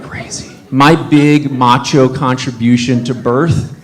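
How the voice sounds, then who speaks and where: A young man performing a stand-up comedy set on a club stage, telling stories animatedly and jumping into squeaky high voices for quotes. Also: steady tone, takes it slowly, a faint crowd. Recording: live club audience laughter. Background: laughing audience.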